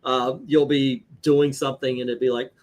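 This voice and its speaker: A man hosting a stream, telling profane, animated anecdotes in casual chat. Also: medium pitch, normal speed. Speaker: host. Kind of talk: casual storytelling on a live stream.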